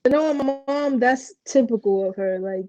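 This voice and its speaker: A woman's voice: on the high side, moderate pace, faint music behind, rough recording. A young woman from Puerto Rico, a professional basketball player, telling candid stories in a casual interview, full of fillers. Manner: candid, animated storytelling with many fillers.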